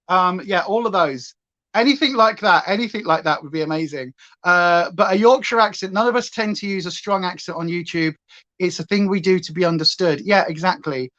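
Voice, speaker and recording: A woman's voice: on the low side, fairly quick, fairly bright tone, dull audio. A woman from Hampshire with a clipped, near-standard southern English accent, chatting casually and rambling on her makeup livestream with many fillers. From Hampshire, England. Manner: chatty, tangent-prone, lots of fillers. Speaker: livestream beauty host.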